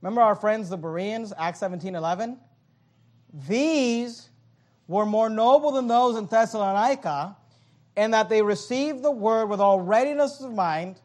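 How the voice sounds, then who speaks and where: A man preaching a sermon in numbered points, animated and joking, acting out the voices of others in asides. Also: high voice, normal speed. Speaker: pastor.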